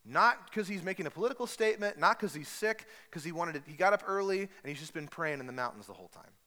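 A man's voice: sits high, lively intonation, fast, bright, forceful tone, big-room sound. A man preaching a sermon, telling a story with humor and acting out voices. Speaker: pastor. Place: church hall.

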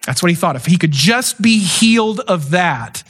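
A man preaching a sermon in a conversational, animated way, acting out little scenes with quick asides. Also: sits high, husky.

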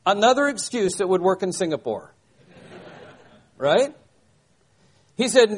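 A man's voice: sits high, expressive, slow, long pauses, breathy edge. An older man preaching a sermon, emphatic, repeating key phrases and asking rhetorical questions. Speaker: pastor.

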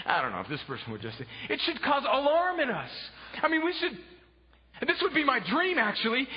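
A man preaching a sermon as pastor, impassioned, swinging from hushed asides to shouted exclamations. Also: very high voice. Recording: dull lo-fi sound with long hall reverb.

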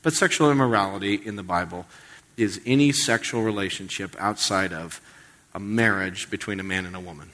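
A man's voice: low voice, fairly quick, a bit bright. A male pastor giving a conversational sermon, joking and acting out quoted voices. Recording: long hall reverb.

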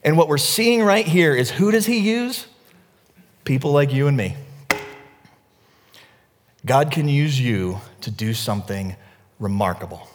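Pastor preaching in a reverberant hall. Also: male voice, mid-range voice, unhurried, long pauses. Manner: storytelling, animated, swings from hushed to near-shouting. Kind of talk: sermon.

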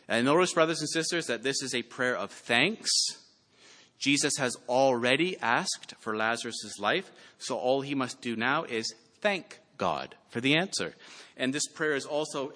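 Bright-voiced male preacher in a reverberant hall. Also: medium pitch. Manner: reads scripture aloud with dramatic emphasis, calls out loudly. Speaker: pastor. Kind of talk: sermon.

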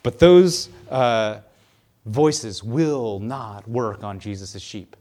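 A man preaching a sermon in a conversational, animated way, sometimes acting out the voices he quotes. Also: lowish voice, drawn-out words. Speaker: pastor.

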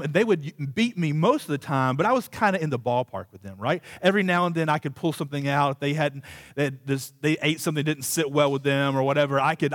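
A pastor delivering a sermon, a man whose voice sits a little higher than most men's. He leans on a funny personal story and pokes fun at himself. His delivery is loose and conversational, wandering into asides before finding his point again. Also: dry recording, studio quality. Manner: humorous, self-deprecating storyteller.

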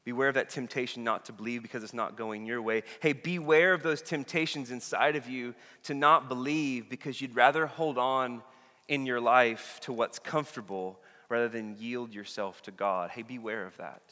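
Animated man preaching in a big hall. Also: mid-range voice, moderate pace. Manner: animated, acts out the people in the story with voices. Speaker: pastor. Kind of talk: sermon. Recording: long reverb of a big hall.

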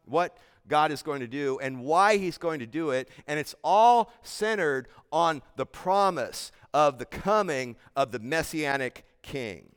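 A man preaching a sermon in a smooth, resonant, slightly high voice. He is earnest and emphatic as he walks through scripture verse by verse. The sound carries a long echo of a church hall. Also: animated, measured pace, few pauses. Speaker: pastor. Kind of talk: expository sermon.

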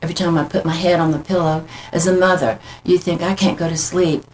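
A middle-aged woman, a guest, telling her personal faith story in an earnest, halting, heartfelt way. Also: fairly low pitch, fairly even intonation, darkish tone, slight background noise, low-quality recording.

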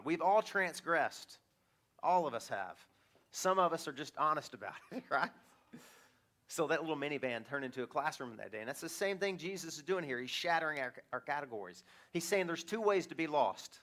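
A middle-aged man preaching a sermon as pastor, animated and chuckling, acting out the voices he quotes. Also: a little high, normal speed.

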